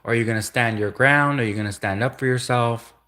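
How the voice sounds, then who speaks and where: A young man from Canada talking straight to his channel in a loose, rambling monologue. He jokes and teases sarcastically, trips over his own sentences and restarts them. His voice sits at an everyday middle pitch. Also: a little fast, sharp tone. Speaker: vlogger.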